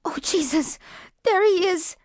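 A woman's voice: very high-pitched, unhurried, no echo, studio quality, voice pushed up. A woman voicing a terrified teenage girl who whimpers and panics, trembling as she talks. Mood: panicked.

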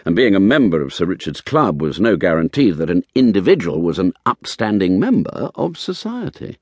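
A man narrating a novel in the first person as an audiobook reader, expressive and measured. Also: sits low, no echo.

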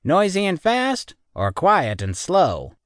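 A man voicing a gruff, laconic male tunnel boss in an audiobook, speaking slowly and bluntly. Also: sits high, huge pitch swings, dry recording, studio quality, voice pushed up, heavily acted.

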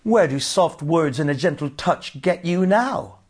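A man voicing a shrill, grumpy young bride who snaps and shrieks. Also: very animated, slow pace, heavily acted. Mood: snappish. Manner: shrieking, snappish.

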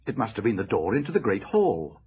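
A man's voice: lowish voice, big pitch swings, brisk, husky, dull audio, full character voice. A man voicing an earnest eldest boy who takes charge and reasons point by point, in an audiobook.

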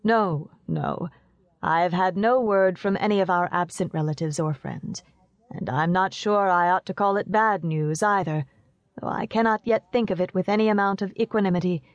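A woman voicing a middle-aged father who speaks low, sadly and in a measured way in an audiobook. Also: dry recording, muffled recording, natural voice. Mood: grave.

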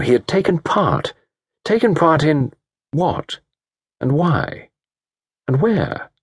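A man narrating an audiobook in a measured, expressive storytelling manner. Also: on the high side, slightly rough, no room sound, clean studio sound. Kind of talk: scripted narration.

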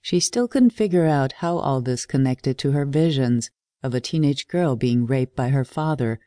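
A woman narrating a supernatural thriller audiobook in an even, measured reading. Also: rumbling low, no echo, studio quality. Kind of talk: scripted narration.

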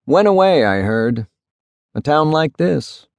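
A man's voice: a little high, sing-song, slow, vocal fry, darkish tone, no echo, voice pushed up, exaggerated voice. A man voicing a frail old retired police chief who answers in short, clipped words. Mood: curt. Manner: terse, clipped replies.

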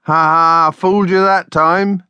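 A man's voice: fairly high pitch, sing-song, moderate pace, fairly bright tone, no room sound. A man voicing a small, jaunty prankster wizard in a children's storybook, smug and full of himself.

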